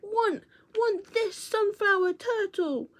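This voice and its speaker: A woman's voice: extremely high pitch, slow, pitched above the performer's own voice. A woman voicing a stubborn little girl who whines and insists. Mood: whiny. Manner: whining, insistent.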